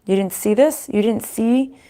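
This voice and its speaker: A woman giving a casual tarot reading to viewers, pausing to consult spirits aloud and often restarting her sentences. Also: a little high, warm tone. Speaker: tarot card reader.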